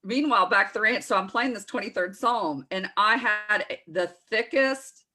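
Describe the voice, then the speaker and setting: A Southern U.S. woman in her forties with a Texas accent tells wandering stories, correcting herself in asides, as co-host of a casual morning show. Her mid-range voice has a sharp tone and moves at a moderate pace.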